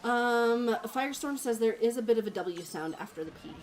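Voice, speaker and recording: A woman's voice: a little high, lively intonation, moderate pace. A woman co-hosting a casual gameplay stream, teasing her co-host and talking to herself as she plays. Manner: teasing, laughing, talks to herself while playing. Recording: game music behind the voice. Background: game music.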